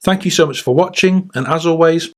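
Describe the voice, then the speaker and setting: A man narrates a scripted documentary for his channel in a fairly high voice. His delivery is measured and wry. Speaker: YouTube host.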